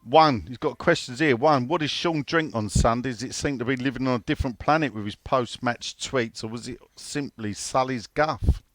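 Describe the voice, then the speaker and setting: A man's voice: medium pitch, moderate pace, few pauses, a bit bright, no room sound. A man co-hosting a casual football podcast, swearing freely and reading out listener questions. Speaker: podcast co-host.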